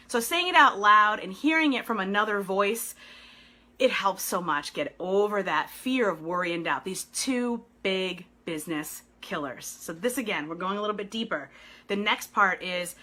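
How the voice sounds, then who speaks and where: A middle-aged woman coaching business owners live, animated and encouraging, often laughing. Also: mid-range voice, moderate pace. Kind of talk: live video coaching talk.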